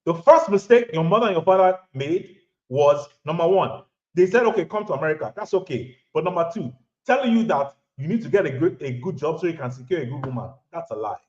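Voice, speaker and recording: A man's voice: fairly high pitch, animated, fairly quick, darkish tone. A man in his thirties or forties from Nigeria, with a Nigerian accent, lecturing viewers emphatically and repeating lines for stress. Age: 30s to 40s. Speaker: vlogger giving relationship advice. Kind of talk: lecturing monologue to camera. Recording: roomy, dull lo-fi audio.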